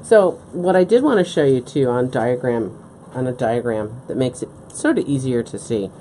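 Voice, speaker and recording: A beading instructor hosts a live craft stream from a work-table setup, explaining every step with patience and frequently checking in with "okay?" She has a very deep, warm, animated voice at a normal speed, with slight background noise.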